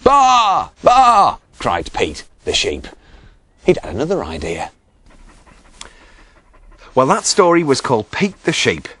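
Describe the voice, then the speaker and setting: Lively, slow-paced male storyteller. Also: medium pitch, husky. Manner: lively, expressive voices for each character. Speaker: children's storyteller host. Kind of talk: bedtime story reading.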